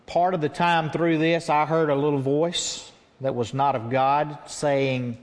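A man's voice: a little high, fairly even intonation, a little slow, hardly any pauses. Earnest preaching man in a reverberant hall. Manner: earnest preaching, acts out his own prayers. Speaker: pastor. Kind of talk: sermon.

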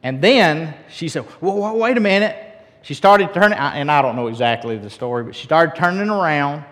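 A male preacher with a fairly high voice tells a story from the pulpit in a folksy, conversational way. He throws questions out to the congregation and often trips over and restarts his sentences. His voice carries with a long reverb, as in a large hall. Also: animated, a little fast, fairly bright tone. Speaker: pastor.

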